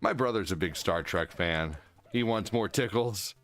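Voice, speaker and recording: A man's voice: on the low side, normal speed, a bit bright, faint music behind. A middle-aged man hosting a live stream, chatting casually in an easygoing, rambling way with lots of fillers. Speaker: streamer host.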